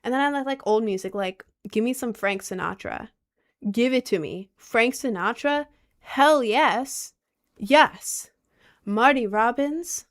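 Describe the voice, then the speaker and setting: A woman's voice: on the high side, lively intonation, takes it slowly. A young woman chatting casually on a vlog, rambling and unsure of herself, with lots of fillers and restarts. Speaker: vlogger.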